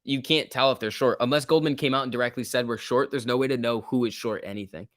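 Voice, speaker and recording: A young man hosting a casual stock-market livestream, chatty and excitable, reading chat messages aloud. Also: mid-range voice, fast talker, no echo, clean studio sound.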